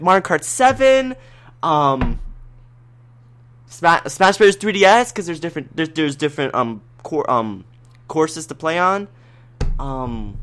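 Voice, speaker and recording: A man co-hosting a casual gaming podcast, excitable and prone to loud, high-pitched rants. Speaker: podcast co-host.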